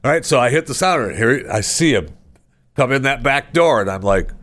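Guy hosting a podcast, rambly and chatty, dry close sound, middling pitch. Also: expressive, brisk, a bit bright, no room sound. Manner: rambling, conversational storytelling. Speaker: podcast host. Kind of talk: casual chat.

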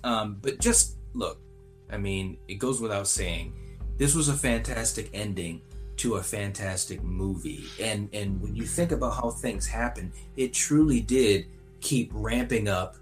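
A man's voice: on the low side, a little slow, soft background music. Enthusiastic man hosting a film podcast. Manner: enthusiastic, says "man" a lot. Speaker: podcast co-host. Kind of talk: casual review chat.

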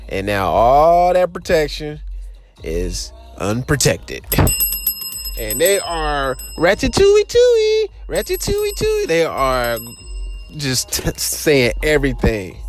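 A young man with an African American Vernacular English accent hosts his show in loose, profane commentary. His pitch sits a touch high and swings widely. Faint music plays underneath. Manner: loose, profane, laughing asides. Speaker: podcast host. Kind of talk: casual commentary.

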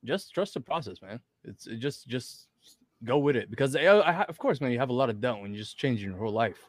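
Excited male wrestler guest, dry sound. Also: mid-range voice, fairly quick, dry recording. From outside America. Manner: enthusiastic, swears, says bro a lot. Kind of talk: casual interview chat.

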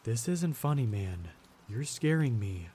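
Man doing a scared young hiker guy, breathless, lower and dark voice. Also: big pitch swings, measured pace, slight background noise. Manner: panting, scared. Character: frightened young male hiker.

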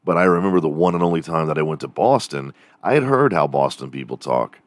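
A man's voice: a bass voice, animated, fast, dry recording, clean studio sound. A man from Texas with a Texan accent hosting a podcast, ranting casually, profane and rambling. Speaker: podcast host. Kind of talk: casual rant.

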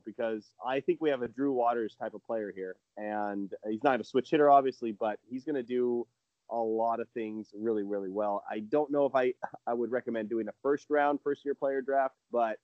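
A man's voice: mid-range voice, no room sound. Enthusiastic man on dull dry audio. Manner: enthusiastic, rambling with restarts. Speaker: prospect analyst guest. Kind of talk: casual podcast chat.

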